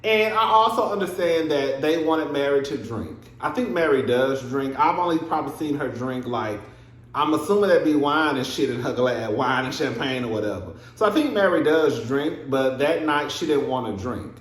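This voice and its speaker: A young adult man casually recapping a reality TV episode, animated and laughing, acting out scenes in exaggerated voices. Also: mid-range voice, normal speed. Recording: echoey room.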